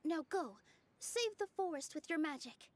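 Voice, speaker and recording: A young woman voicing a gentle, cheerful young dancer in a game cutscene, soft, friendly and a bit apologetic. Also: high voice, lively intonation, unhurried, slight background noise.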